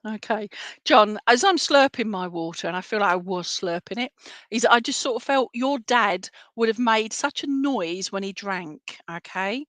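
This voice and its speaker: A woman's voice: medium pitch, animated, moderate pace, fairly bright tone, dry recording. A woman medium giving clairvoyant readings in an online service, chatty and affectionate, often checking in with "all right?". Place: home, by herself.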